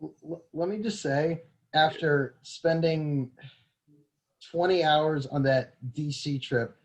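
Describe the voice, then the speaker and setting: A young man in casual chat, wandering through a story with stammers and restarts. His voice sits a little high. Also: slow pace, rough recording. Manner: meandering, stammering anecdote. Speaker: podcast co-host.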